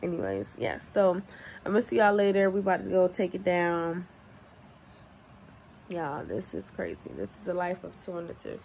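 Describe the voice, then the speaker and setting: A woman's voice: lowish voice, very animated, normal speed, gravelly, a little mellow, slight background noise. A young adult woman and mother chatting candidly to her viewers in a casual day-in-the-life vlog at home, calling them y'all. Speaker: vlogger and mother of two babies.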